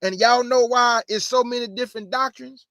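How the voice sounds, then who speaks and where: An online Bible teacher is livestream preaching, speaking fast, conversationally and emphatically, repeating phrases to drive his points home. His voice is high for a man, with a steady, fairly bright tone. The close microphone gives a dry sound with no echo.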